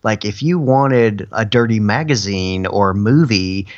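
A man's voice: lowish voice, unhurried, dry recording. A man in casual chat, laid-back and saying "like" a lot. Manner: laid-back, laughs along, lots of "like". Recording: dull lo-fi sound.

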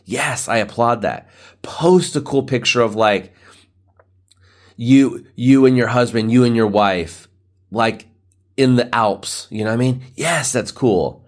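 A man in his thirties hosting a solo podcast, rambling loosely with lots of filler words and a rough morning voice. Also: medium pitch, measured pace. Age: 30s. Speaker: podcast host. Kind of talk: casual solo podcast rant.

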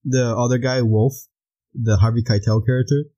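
Young guy rambling on a podcast, kinda husky, soft mellow tone. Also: mid-range voice, fairly even intonation, moderate pace, highs cut off. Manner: rambling, many "like" fillers and restarts. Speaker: podcast co-host. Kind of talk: casual chat.

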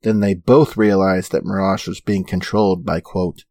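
A male podcast co-host recaps plot points in a low, steady voice with a dry sense of humor. His delivery stays even and matter-of-fact. The close mic gives little room sound. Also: normal speed, no echo. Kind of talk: reading episode recap in casual chat.

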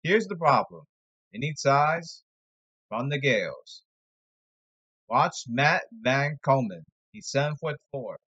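A man's voice: mid-range voice, sing-song, slow, pauses often, a bit bright, slightly rough, muffled recording. A man giving a rambling, sarcastic sports commentary monologue, exasperated and jumping from topic to topic. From New York area.

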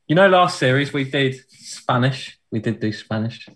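A young man co-hosting a podcast, running a quiz game with giggly, playful banter and sudden rushed asides. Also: lively intonation, a bit bright. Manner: giggly and playful, with big pitch leaps and quick rushed asides.

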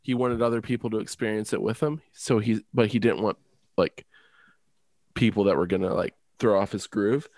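A man's voice: lowish voice, steady tone, moderate pace, darkish tone, dry recording, studio quality. A man co-hosting a podcast in casual chat, self-mocking and laughing often. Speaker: podcast co-host.

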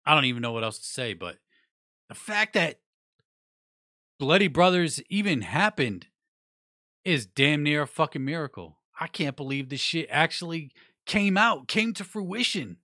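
Profane, bright-voiced man reviewing music. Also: a little high, very animated, moderate pace, no room sound, studio quality. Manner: blunt, profane, rambling with restarts. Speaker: music news vlogger. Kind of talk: casual opinionated review.

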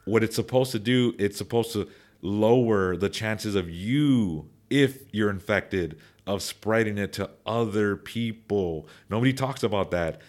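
A young man's lowish voice carries his opinions through relaxed podcast talk at a measured pace. Rambling, he restarts lines and repeats words, then picks up speed or volume as he makes his point.

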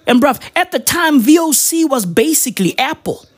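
A woman's voice: high-pitched, animated, moderate pace. A young woman from Africa, delivering a profane comedic rant that keeps tossing in "right?". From South Africa.

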